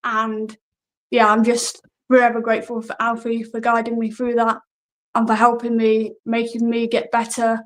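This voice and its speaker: A wrestler, talking in a casual, hesitant way and often laughing at herself. Her voice sits a little high for a woman. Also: monotone, moderate pace, low-quality recording. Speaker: guest wrestler. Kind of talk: casual interview answers.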